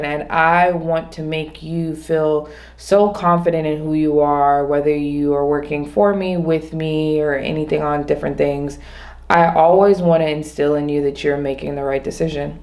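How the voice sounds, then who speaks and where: A woman vlogging alone, talking through her day in a rambling, reflective way, often restarting and slowing down on her main points. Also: low voice, fairly even intonation, a little mellow. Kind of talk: casual reflective monologue.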